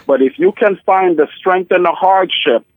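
A man's voice: sits high, moderate pace, no room sound. A man in his forties, a drag queen guest, talking in a sassy, theatrical way and calling people honey and darling. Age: 40s. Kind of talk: casual phone interview. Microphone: telephone. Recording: tinny dry phone line.

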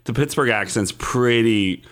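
A man's voice: medium pitch, a little slow, fairly bright tone. A man hosting a podcast, chatting casually and teasingly correcting the others. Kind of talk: casual chat.

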